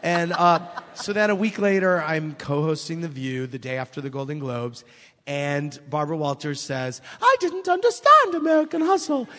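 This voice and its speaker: A man speaking with a slightly raised pitch, an author guest in casual conversation. He tells stories animatedly, acting out the lines of others. The recording carries a long, lingering reverb. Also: moderate pace. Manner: animated storyteller, acts out quotes. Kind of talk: casual chat.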